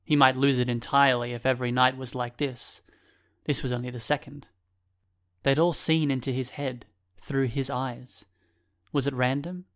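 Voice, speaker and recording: A male narrator reading fiction aloud at a mid-range pitch. His delivery is measured and even, carrying the story steadily from line to line. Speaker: audiobook narrator. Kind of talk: scripted narration.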